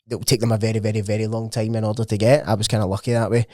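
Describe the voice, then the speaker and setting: A man's voice: lowish voice, level tone, very fast, mellow, dry recording, studio quality. Casual, sweary Scottish man. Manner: rambling, sweary, lots of "like" fillers. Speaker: podcast guest, gym owner. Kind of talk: casual chat.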